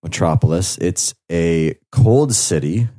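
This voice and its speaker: Very low-voiced, mellow American man. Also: expressive, slow pace. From United States, Chicago area. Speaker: guest. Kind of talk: casual podcast chat.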